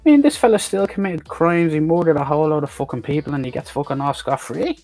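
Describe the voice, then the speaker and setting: Husky man ranting through a film review. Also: a little high, fast, dark tone, faint music behind. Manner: profane, blunt, exasperated. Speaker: movie reviewer. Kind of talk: casual film review rant.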